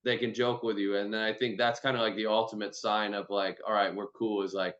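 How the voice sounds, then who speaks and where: A lower-voiced man chats on a video call, easygoing and profane, stringing thoughts together with "like" and "you know." The audio is dull and lo-fi, as if coming through a laptop mic. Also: little pitch movement, brisk, a bit bright. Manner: loose, chatty, swears freely, many "like"s. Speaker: host and performance trainer. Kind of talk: casual video-call chat.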